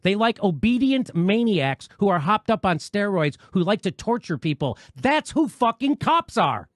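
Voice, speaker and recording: A man's voice: sits high, very animated, moderate pace, no echo, studio quality. A man ranting about politics in a heated, sarcastic, profane way. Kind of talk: political rant video.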